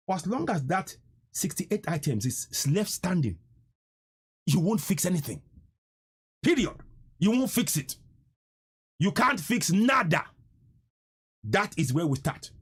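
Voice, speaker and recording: A man's voice: high-pitched, sing-song, unhurried, long pauses, breathy edge. A man hosting a live stream, delivering a fiery, emphatic political rant and repeating lines for effect.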